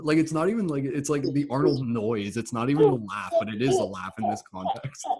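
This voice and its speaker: A man's voice: medium pitch, animated, a little fast, over a noisy crowd. A man hosting an online laughter meditation session on a video call, upbeat and rambling, with lots of "like" fillers. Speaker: host, laughter meditation facilitator. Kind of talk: casual online group session.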